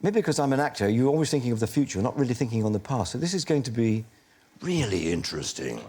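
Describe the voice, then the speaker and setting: A man's voice: medium pitch, very animated, fast talker, darkish tone. A man in his sixties, an actor, talking candidly in an interview, reflective and self-deprecating, often laughing at himself. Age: 60s.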